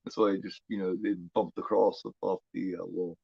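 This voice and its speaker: A man's voice: sits low, flat delivery, brisk, vocal fry, husky, no echo, highs cut off. A man hosting a horror film watch-along, chatting in a rambling, profane way, full of "you know" fillers. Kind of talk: casual live commentary.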